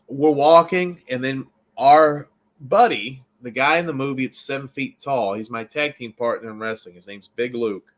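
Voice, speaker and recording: A man's voice: medium pitch, normal speed. Rambling storyteller man from Baltimore. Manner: rambling, animated storytelling with restarts. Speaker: filmmaker and actor. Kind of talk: casual interview storytelling.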